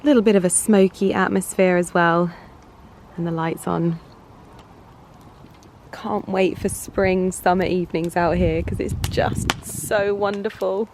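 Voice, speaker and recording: A woman's voice: lowish voice, fairly even intonation, measured pace, a little mellow, slight background noise. A woman in her thirties, chatting casually with lots of fillers as she shows her home in a lifestyle vlog. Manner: chatty and enthusiastic, with many fillers. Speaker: lifestyle vlogger. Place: home, indoors and in a garden.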